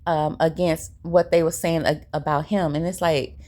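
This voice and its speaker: A woman's voice: low-pitched, flat delivery, normal speed, a little mellow. A woman giving a chatty, sassy recap of a reality show and acting out what the cast said. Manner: chatty and sassy, retelling scenes with quoted lines. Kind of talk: casual recap commentary.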